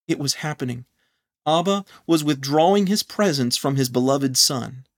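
A man narrating a scripted story in a measured, solemn reading. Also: medium pitch, creaky.

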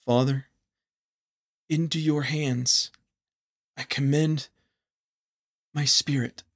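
A man's voice: medium pitch, fairly even intonation, extremely slow. A man voicing a dying son of God who cries out in anguish. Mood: fading. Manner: raised, anguished cries, then quiet.

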